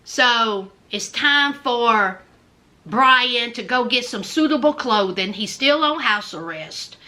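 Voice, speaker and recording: A woman's voice: a little high, lively intonation, slow, bright, forceful tone. A woman with a Southern US accent giving sassy, emphatic commentary on a reality show, speaking straight to her viewers. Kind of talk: casual commentary.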